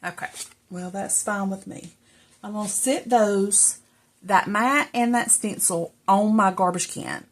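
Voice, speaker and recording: In an indoor craft room at home, a middle-aged woman chats casually to viewers as she works, out of breath and rambling, often just talking to herself. The crafting vlogger has a mid-range voice and takes her time speaking.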